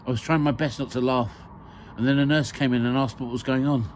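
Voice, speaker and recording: A man's voice: medium pitch, fairly even intonation, fairly quick, darkish tone, slight background noise. Man reading his memoir, hesitant. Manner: hesitant with fillers, dry humour. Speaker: author reading his own book.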